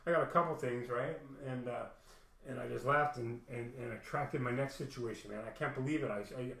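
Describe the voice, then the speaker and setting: A man's voice: medium pitch, brisk, creaky, a bit bright. A man telling a personal story in a rambling, profane casual monologue, full of "man". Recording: echoey room.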